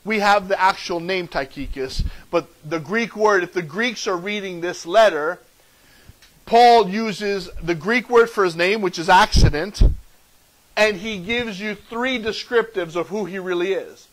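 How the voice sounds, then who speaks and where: High-voiced man preaching a sermon. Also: a little slow, rough recording. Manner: emphatic preaching that swings between loud and soft; repeats key phrases for emphasis. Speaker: pastor.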